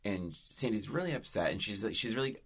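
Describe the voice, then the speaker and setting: A woman's voice: very deep voice, slightly rough. A woman co-hosting a podcast, chatting casually about a film, laughing often and acting out its lines. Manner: excited, quick to laugh, acts out movie lines. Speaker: podcast co-host. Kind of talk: casual chat.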